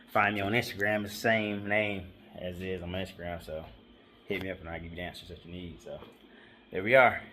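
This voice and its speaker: A fairly low-voiced man hosts a do-it-yourself car video. He walks his viewers through the work in a relaxed, slangy, conversational way. He talks while he works on the car in a garage. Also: a little hiss or hum. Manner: laid-back slangy talk aimed at viewers. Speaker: car DIY channel host. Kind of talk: casual how-to vlog.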